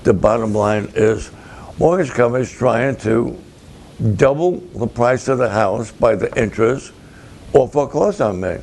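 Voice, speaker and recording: Slow, gravelly pastor telling a story. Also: male voice, medium pitch, a little mellow. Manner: slow, dramatic storytelling, acting out both sides of conversations. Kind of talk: storytelling sermon to camera.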